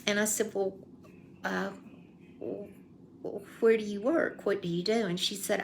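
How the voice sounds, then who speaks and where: A woman's voice: mid-range voice, fairly even intonation, measured pace, vocal fry, slight background noise. An older woman telling a folksy true story in a casual vlog, acting out the voices she quotes. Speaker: vlogger.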